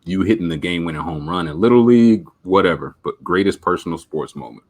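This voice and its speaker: A man's voice: low-pitched, fast talker. A man hosting a podcast, bantering casually and cracking laid-back jokes. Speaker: podcast host. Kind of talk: casual chat.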